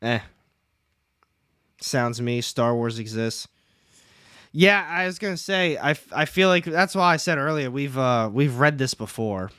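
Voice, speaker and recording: A man's voice: medium pitch, lively intonation, unhurried, pauses often, a bit bright, smooth, no echo, clean studio sound. A young man hosting a casual comics livestream, chatting, reading out the chat and joking at his own expense. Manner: chatty, reads chat aloud, jokes at himself.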